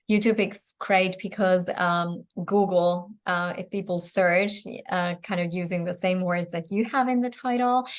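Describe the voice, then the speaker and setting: A woman business coach running a live online mentoring session, talking in a friendly, loose way with frequent hesitations and restarts, her voice tiring after a long stretch. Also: on the low side. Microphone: video call microphone.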